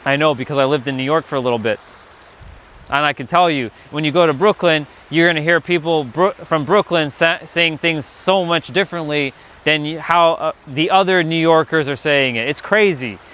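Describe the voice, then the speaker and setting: A man's voice: a little high, normal speed, a bit bright. A man hosting a casual spiritual livestream, rambling loosely, reading the chat and swearing now and then.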